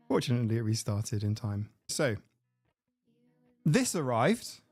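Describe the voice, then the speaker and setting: A man's voice: mid-range voice, sing-song, takes it slowly, a little mellow, breathy edge, no room sound, faint music behind. A man hosting a casual live stream, chatting in a rambling way and laughing at his own jokes. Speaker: livestream host. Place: home room. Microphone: desk mic with mixer.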